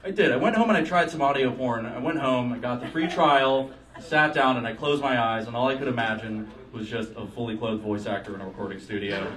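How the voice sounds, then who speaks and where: A man's voice: medium pitch, a little fast, distant mic, crowd noise. A young man doing a rambling, crude stand-up comedy set in a bar, often laughing at his own jokes. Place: bar stage with a live audience.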